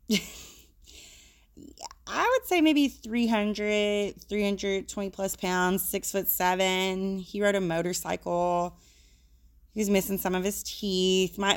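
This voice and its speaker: A woman working as a social worker, talking frankly and casually about emotions, with the odd swear word. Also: on the low side.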